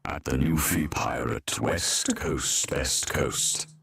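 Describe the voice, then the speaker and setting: A streamer putting on a gruff, slow, growly voice for a goofy pirate type. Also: extremely low pitch, fairly bright tone, pitched below the performer's own voice, full character voice. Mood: boastful.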